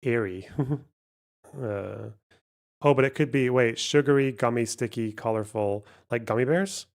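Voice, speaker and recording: Gravelly guy on a home stream, mumbling and cussing through a word game. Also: mid-range voice, unhurried. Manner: swearing, muttering, thinking aloud over a word puzzle. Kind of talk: casual live stream chat.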